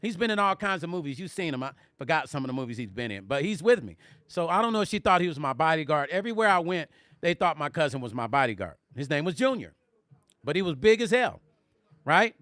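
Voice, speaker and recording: A middle-aged man tells stories on a casual livestream in a high, bright voice. He talks animatedly and speaks directly to his viewers. The sound is dry and close. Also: fast talker, no room sound. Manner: animated, addresses viewers directly, reads chat aloud. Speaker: musician and vlog host.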